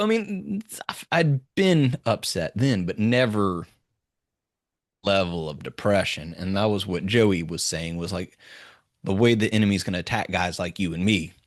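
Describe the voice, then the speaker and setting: A man who is a leadership coach, telling a personal story in a podcast interview in an earnest, halting way, often quoting others. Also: deep voice, no room sound, clean studio sound, distant mic. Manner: earnest, halting retelling with quoted dialogue. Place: remote video call.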